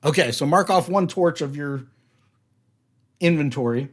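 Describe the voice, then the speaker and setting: A man narrating as game master of a tabletop game, slow and hesitant with many fillers. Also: on the high side.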